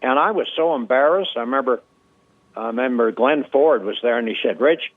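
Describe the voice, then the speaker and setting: An older man from Canada spins relaxed anecdotes, full of ums and uhs, at an ordinary middle pitch. His voice comes through a dry, tinny, phone-like line. He speaks as a guest in an interview. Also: a little fast, no room sound. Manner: anecdotal, relaxed storyteller with many fillers. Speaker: guest impressionist. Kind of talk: storytelling interview.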